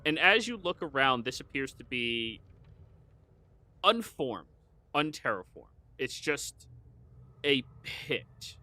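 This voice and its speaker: A man with a bright, forward voice narrates a tabletop game as its dungeon master. He describes the scene in a halting, searching way, pitched in the middle range for a man. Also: very animated.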